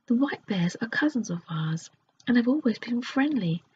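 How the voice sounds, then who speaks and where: A woman's voice: fairly high pitch, lively intonation, normal speed, darkish tone, close to an everyday voice. A woman whispering the lines of a big, solemn father bear with a growly manner in a whispered role-play storybook reading. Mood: mournful. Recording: dull lo-fi recording with faint hiss.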